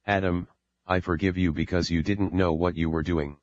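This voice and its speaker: A man reading a calm, commanding father figure. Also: low voice, moderate pace, dry recording, highs cut off, lightly acted. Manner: calm, firm. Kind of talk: audiobook reading.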